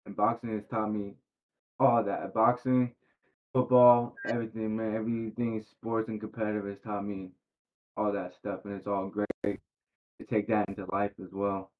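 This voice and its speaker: A professional boxer talking as a podcast guest in a laid-back, slangy way, full of fillers. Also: male voice, fairly low pitch, level tone, normal speed. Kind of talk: casual interview chat. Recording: tinny phone-like sound.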